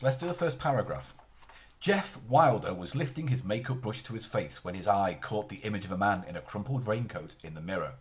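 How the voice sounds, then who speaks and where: A man chatting casually on a live stream, rambling and often interrupting himself mid-sentence. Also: fairly low pitch.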